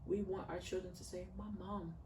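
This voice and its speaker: A woman's voice: fairly low pitch, flat delivery, brisk, recorded from a distance. A woman in her thirties, a mother and podcast guest, speaking earnestly and heartfeltly in a casual interview, with a preaching lilt. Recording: roomy echo, off-mic, faint background noise.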